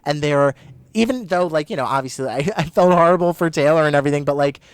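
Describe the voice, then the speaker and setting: Man, podcast co-host, casual chat, excitable, gushing, dry recording. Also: a little high, fast, smooth, no echo. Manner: gushing, animated storytelling. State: overheated.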